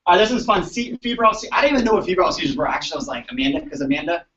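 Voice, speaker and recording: Male chiropractor, fairly high voice, animated storyteller, recorded from across an echoey room on a dull mic. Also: very fast, far from the mic. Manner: animated, chatty, keeps asking "right?". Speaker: chiropractor presenting to colleagues. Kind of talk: storytelling talk to an audience.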